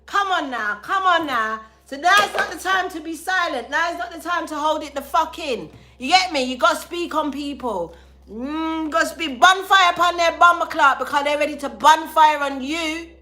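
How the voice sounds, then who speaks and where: A woman's voice: high-pitched, moderate pace. Brash, profane woman reading tarot. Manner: loud, profane, animated banter. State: sore throat. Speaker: tarot reader. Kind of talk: live tarot reading to viewers.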